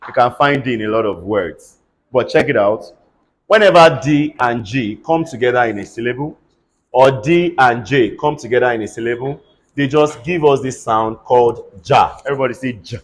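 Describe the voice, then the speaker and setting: A man's voice: medium pitch, normal speed. Man, classroom teacher, pronunciation lesson, spells words aloud, call-and-response drills. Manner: spells words letter by letter and has the class repeat them.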